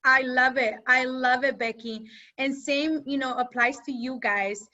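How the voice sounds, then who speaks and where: A woman side hustle coach rallying her students on a video call, energetic and direct. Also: high voice, unhurried, highs cut off. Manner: energetic, rallying, talks straight to the group.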